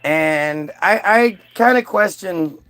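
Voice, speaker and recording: A man's voice: sits high, lively intonation, slow pace, pushed and bright, faint music behind. A man telling a personal story in a casual monologue, rambling and full of fillers and restarts.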